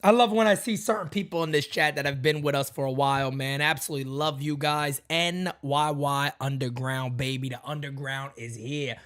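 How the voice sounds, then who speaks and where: A man hosting a live fan morning show, hyping up and greeting viewers by name, then dropping his voice low to talk seriously. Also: fairly even intonation, moderate pace, few pauses. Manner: hyped shout-outs to chat, drops low when serious. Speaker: podcast host.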